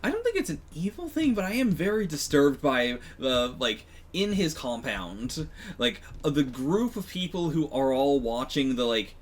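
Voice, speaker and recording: A man's voice: fairly high pitch, very animated, moderate pace. A man co-hosting a reaction show, musing thoughtfully in casual chat and hedging as he thinks aloud. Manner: thoughtful, musing, many hedges.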